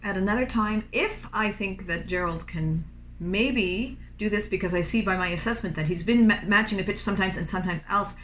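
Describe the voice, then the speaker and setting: A woman's voice: mid-range voice, brisk, a bit bright, slight background noise. Patient woman music teacher explaining. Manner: patient, encouraging, breaks into short sung phrases. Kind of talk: instructional talk with sung demonstrations.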